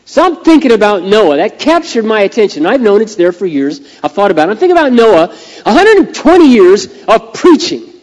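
A middle-aged man preaching a sermon with animated, folksy storytelling. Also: high voice, brisk. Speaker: pastor. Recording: long hall reverb.

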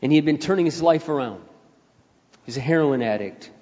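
Older male pastor, emphatic sermon delivery, slightly high voice, dull recording with long reverb. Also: expressive, normal speed. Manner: emphatic preacher who swings between soft storytelling and loud rising appeals.

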